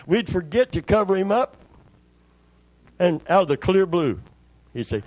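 High-voiced man telling a folksy sermon story. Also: expressive, moderate pace, no echo. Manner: repeats words for emphasis. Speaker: pastor.

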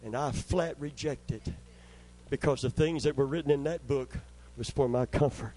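A man's voice: mid-range voice, moderate pace, mellow, poor audio. An older man preaching a sermon, telling stories and calling out for amens as he builds to fervent preaching. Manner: storytelling, call-and-response asking amen, rising to fervent preaching.

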